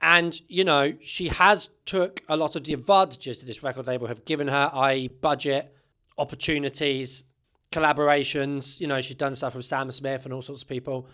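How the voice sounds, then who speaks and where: A man's voice: mid-range voice, steady tone, moderate pace, bright, forceful tone. A man hosting a music channel, giving chatty, opinionated commentary and often tagging sentences with "right?". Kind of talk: casual commentary to camera.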